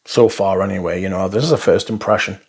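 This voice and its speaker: A man's voice: low-pitched, fairly even intonation, fast talker, breathy edge. A man giving casual, rambling first impressions of fragrances, blunt and full of swearing. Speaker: fragrance reviewer.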